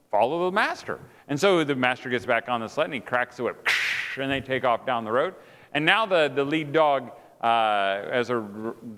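A middle-aged man delivers a humorous sermon in a large hall, his bright voice leaping up and down in pitch. He jokes with his listeners and acts out the people in his stories. A long reverb trails behind every phrase. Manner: animated, jokey, acts out quoted voices. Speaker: speaker at a marriage event. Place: large hall before an audience.

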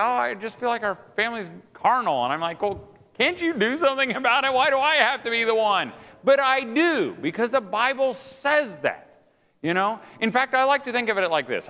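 A middle-aged man delivers a humorous sermon in a large hall, his bright voice leaping up and down in pitch. He jokes with his listeners and acts out the people in his stories. A long reverb trails behind every phrase. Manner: animated, jokey, acts out quoted voices. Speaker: speaker at a marriage event. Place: large hall before an audience.

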